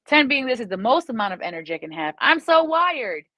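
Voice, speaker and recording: A woman giving a chatty, animated live-streamed tarot reading as a psychic reader. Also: mid-range voice, very fast, dry recording, rough recording.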